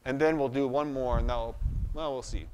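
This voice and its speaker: Chatty math lecturer in a reverberant hall. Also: male voice, medium pitch, fairly even intonation, normal speed, darkish tone, a little hiss or hum. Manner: chatty, self-deprecating, thinks aloud at the board. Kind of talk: live classroom lecture.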